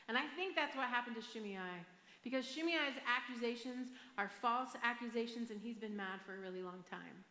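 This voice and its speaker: A woman's voice: fairly high pitch, normal speed, bright, forceful tone. A woman pastor with a Michigan accent, preaching a sermon in a chatty, self-deprecating way and often asking the crowd "right?". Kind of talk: sermon with personal story. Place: large church hall. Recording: echoey church hall with long reverb.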